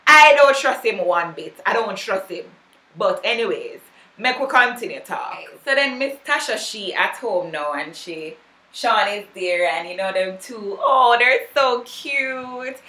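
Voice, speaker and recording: A woman's voice: medium pitch, lively intonation, a little slow, pushed and bright. A woman giving a chatty, gossipy, opinionated casual recap of a TV episode. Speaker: vlogger. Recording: roomy echo.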